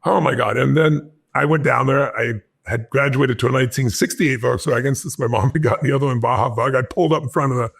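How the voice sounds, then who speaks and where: A man telling a personal story in an animated, intense way, acting out the voices of the people in it. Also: medium pitch, creaky, breathy edge. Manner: fast, intense, acts out the dialogue in his anecdotes. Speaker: motivational speaker.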